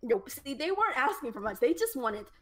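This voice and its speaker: A woman rants about games with sarcastic asides and casual swearing. Her voice sits a little high. She talks like she is chatting with a friend. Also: sing-song, a little fast, a bit bright. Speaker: podcast co-host. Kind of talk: casual chat.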